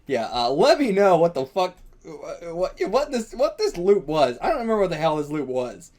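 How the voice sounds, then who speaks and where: Excitable high-voiced man reacting live. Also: normal speed. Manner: excitable, rambling, swears a lot. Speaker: manga reaction host.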